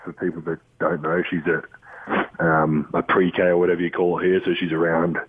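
An Australian man, a basketball player, talking from a room at home in a relaxed, rambling way with lots of ums and restarts. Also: low-pitched, moderate pace, husky. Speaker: guest, professional basketball player. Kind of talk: casual interview over the phone. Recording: tinny phone line.

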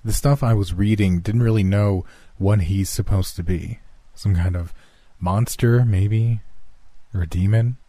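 A man's voice: fairly low pitch, a little slow, mellow, dry recording. A man voicing a touchy, earnest young male friend who tells a creepy tale and swears when teased.

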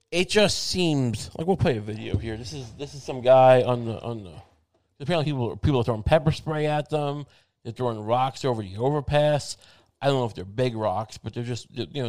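Dry, rambling man thinking out loud. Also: medium pitch, no echo. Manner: wry, meandering, thinks aloud with many restarts. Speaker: show host. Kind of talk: rambling casual monologue.

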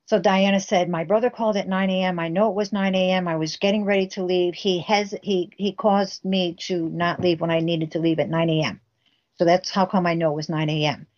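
A woman's voice: lowish voice, steady tone, a little fast, darkish tone, highs cut off. A woman guest telling a family story intensely, acting out the quoted dialogue herself. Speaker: guest recounting a family case. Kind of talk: emotional storytelling interview.

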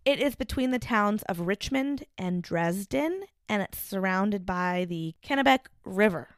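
A woman's voice: mid-range voice, lively intonation, unhurried, no echo, studio quality. A young adult woman co-hosting a podcast, chatting casually and laughing between remarks as she presents her research. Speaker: podcast co-host.

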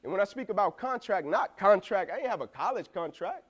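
A man's voice: high-pitched, animated, fairly quick. A young man giving an emphatic, slangy motivational speech to football players, repeatedly asking "right?". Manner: emphatic, repetitive, asks "right?" a lot, slangy.

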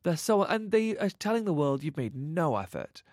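A man with a somewhat high, darkish voice and big pitch swings speaks at a normal speed as a fashion guest on a radio interview. A fashion expert and author, he talks emphatically with many fillers. The recording is dry, studio quality, from a studio microphone in a radio studio.

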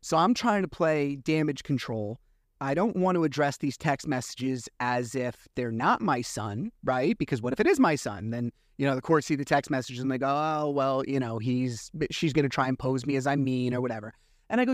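A man's voice: medium pitch, brisk, no room sound, studio quality. A man hosting his own podcast, telling a story in a casual monologue, acting out the dialogue as he vents his frustration. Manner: animated storytelling, acts out dialogue; frustrated, venting. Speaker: podcast host.

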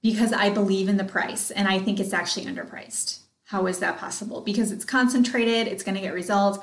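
A woman in her thirties talks sales on her podcast, excited and chatty. She speaks to her listeners directly. Her voice sits in the middle, and the room gives it a noticeable echo. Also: medium pitch, fairly quick. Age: 30s. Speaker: podcast host and sales coach. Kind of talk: casual motivational talk.

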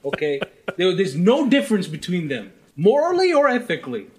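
High-voiced male co-host, big swooping delivery, swears freely while ranting. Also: a little fast, very noisy. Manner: animated, profane ranting storyteller. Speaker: podcast co-host. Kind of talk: casual chat.

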